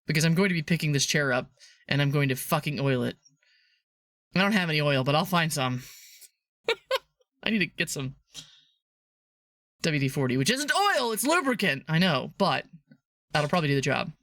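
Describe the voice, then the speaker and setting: A woman streamer chatting casually on a live stream, rambling, playful and laughing often, sometimes breaking into high squeals. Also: animated, normal speed, pauses often, fairly bright tone. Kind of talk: casual livestream chat.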